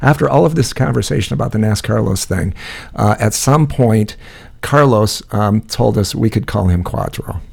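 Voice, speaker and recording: A man's voice: lowish voice, normal speed, gravelly, darkish tone, husky. A man telling a rambling, profane story in casual chat, laughing often.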